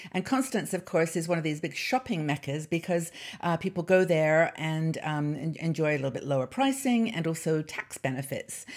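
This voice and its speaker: A British woman in her sixties hosting a casual vlog, chatty and rambling, laughing often between fillers. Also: fairly low pitch. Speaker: channel host.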